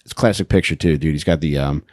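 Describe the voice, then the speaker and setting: A man's voice: extremely low pitch, fast talker, a little mellow, dry recording, studio quality. A man casually telling a story on a podcast, laid-back, swearing and saying "dude" a lot.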